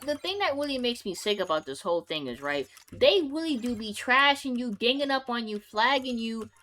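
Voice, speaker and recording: A woman's voice: a little high, bright, forceful tone. A young woman streamer talking casually to camera, ranting with profanity and emphatic outbursts.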